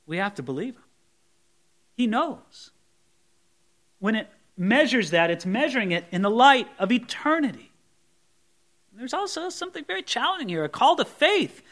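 A man preaching an expository sermon, chatty and full of rhetorical questions, and reading scripture aloud slowly and with weight. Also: very high-pitched, very animated, a bit bright. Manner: conversational, asks the congregation rhetorical questions. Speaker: pastor.

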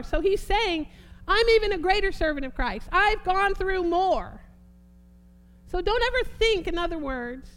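A woman preaching a sermon, fervent, repeating phrases and swinging between soft and emphatic delivery. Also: very high voice.

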